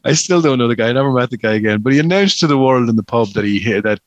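A man co-hosting a podcast in casual chat, animated and sweary, laughing often. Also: mid-range voice, rapid-fire, dry recording, dull audio. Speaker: podcast co-host.

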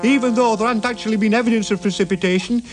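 A man plays a dry, deadpan Yorkshire old-timer telling a comic story for television. His voice sits high and flat in its humour. Music plays clearly beneath him. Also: very fast, natural voice. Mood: droll. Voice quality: droll, deadpan. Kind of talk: comic TV narration. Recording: music under the voice.

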